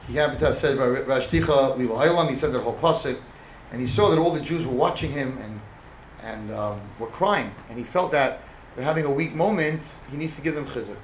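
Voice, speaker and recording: A man giving a dramatic storytelling talk as a religious speaker, animated and mixing in Hebrew and Yiddish terms. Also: medium pitch, muffled recording, a little hiss or hum. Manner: animated, rising to impassioned shouts. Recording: roomy echoing room.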